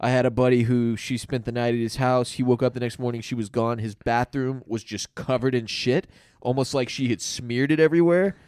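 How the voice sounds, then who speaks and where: A man's voice: medium pitch, brisk, few pauses, clean tone, dry recording, studio quality. A young man on a podcast, trading wry jokes and telling crude stories in casual banter. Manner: wry, deadpan gross-out storyteller. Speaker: podcast guest.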